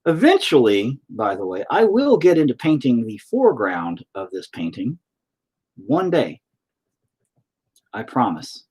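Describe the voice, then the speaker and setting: A man's voice: mid-range voice, a little mellow, slightly rough. A man with a rural Southern US accent, chatting casually while he paints, rambling, profane and self-mocking. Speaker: painting video host.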